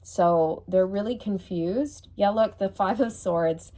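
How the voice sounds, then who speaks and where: A woman's voice: medium pitch, slow, warm tone. A woman reads tarot cards in a frank, teasing tone. She mocks the person the cards describe and laughs as she goes. She keeps checking in with the viewer as she talks. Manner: blunt, mocking, laughs often, repeats okay. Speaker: tarot reader. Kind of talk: tarot reading monologue.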